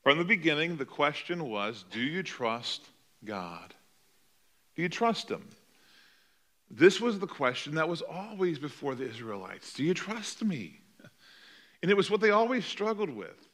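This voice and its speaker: Bright-voiced male pastor preaching. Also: a little high, big pitch swings, moderate pace. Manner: dramatic, acts out quoted voices. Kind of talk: sermon.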